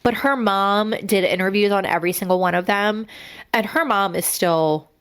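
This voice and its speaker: A woman's voice: mid-range voice, moderate pace, fairly bright tone, smooth. Blunt, profane woman co-hosting a podcast. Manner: blunt and profane, getting emotional. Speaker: podcast co-host. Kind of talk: casual true-crime podcast chat.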